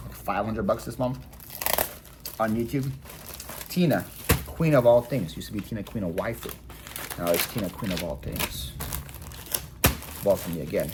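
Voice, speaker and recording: A man's voice: medium pitch, noisy background. A man talking casually to his viewers in a vlog while packing orders, chatty and full of fillers and repeated words. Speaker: online reseller vlogger.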